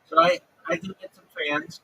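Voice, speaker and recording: A man's voice: fairly high pitch, fairly even intonation, normal speed, pushed and bright, slightly rough, rough recording. A man talking casually on his livestream, ranting and swearing freely. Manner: profane, ranting.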